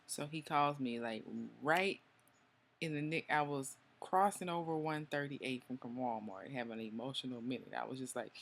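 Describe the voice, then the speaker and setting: Woman, about forty, vlogging; gravelly, chatty, confiding, lots of ums. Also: a bass voice. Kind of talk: casual personal storytelling.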